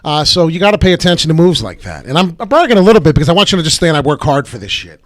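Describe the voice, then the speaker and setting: A man hosting a live crypto trading stream, brash and profane, talking fast with lots of filler ums. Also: fairly high pitch, sing-song, fairly bright tone, dry recording. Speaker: crypto trading livestream host. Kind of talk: live market commentary.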